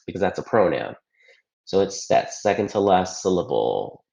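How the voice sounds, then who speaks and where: Deep, gravelly, and a little mellow, this man speaks at a normal speed but with a lot of animation. He's a Spanish teacher giving a recorded grammar lesson over slides, patiently explaining step by step and frequently checking with "right?" Echoey room, dull lo-fi sound.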